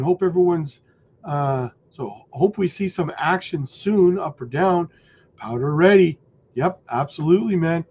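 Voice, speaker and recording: A man hosting a casual crypto livestream, greeting viewers by name, his voice going hoarse. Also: high voice. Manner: chatty, shouts out viewers by name. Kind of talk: casual livestream chat reading comments. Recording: dull lo-fi audio.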